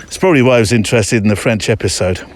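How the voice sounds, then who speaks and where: A man's voice: on the low side, very fast, no room sound. A man hosting his show in a casual, rambling monologue while out on a muddy countryside walk, chatting and joking with his dog between thoughts. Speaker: podcast host.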